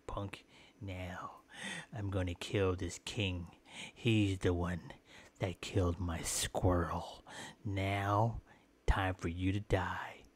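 A man giving casual gameplay commentary with playful, goofy mock trash talk. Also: sits low.

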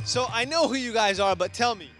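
High-voiced playful street reporter, man. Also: a little fast. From Turkey. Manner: teasing, joking, upbeat. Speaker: TV reporter and host. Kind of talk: playful street interviews and narration. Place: outdoors on city streets at a Halloween event. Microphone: handheld reporter mic. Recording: music playing under the voice. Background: loud music.

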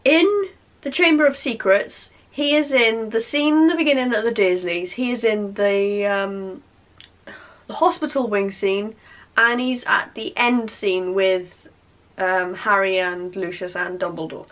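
A young woman vlogging, chatty and animated, with lots of fillers and repeated emphasis. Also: medium pitch, unhurried. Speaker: YouTuber. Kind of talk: casual vlog chat.

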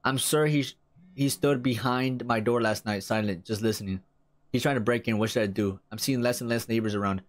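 A man reading out the lines of a frightened woman neighbor from a horror game, in a quiet, lower voice. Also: steady tone, a little fast, close to an everyday voice. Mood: worried.

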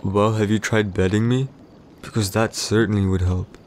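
A low-voiced, jealous warrior husband in a whispered role-play, played by a man. He talks curtly and possessively, close to the ear. A faint hiss of noise sits behind the voice. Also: steady tone, moderate pace, lightly acted. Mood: grudging. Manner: curt, irritated, possessive, speaks low and close. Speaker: voice actor in a boyfriend roleplay.

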